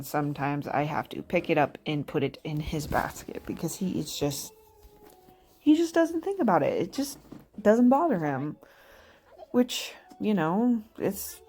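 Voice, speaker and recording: A mother in her thirties chats casually over her video in a low, slightly mellow voice. She rambles and laughs at herself a lot.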